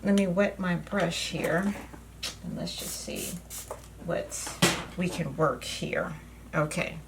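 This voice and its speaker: In a very noisy recording, a woman with a low, gravelly voice speaks slowly while demonstrating makeup at home. The beauty vlogger's casual talk wanders and is thick with fillers.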